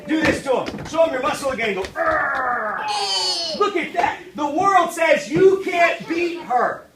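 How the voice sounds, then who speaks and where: A children's minister leading a lively Bible lesson for kids, calling out for the group to repeat lines and join in. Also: high voice, moderate pace. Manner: energetic, calls for audience responses. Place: church kids' meeting room with children present. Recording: echoey room, voice from a distance, loud crowd and noise. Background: children responding and crowd noise.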